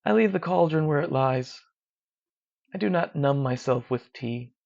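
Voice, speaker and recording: A narrator reading a dark first-person horror story in a slow, measured, hushed way. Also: medium pitch, animated. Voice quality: gravelly. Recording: dull lo-fi recording.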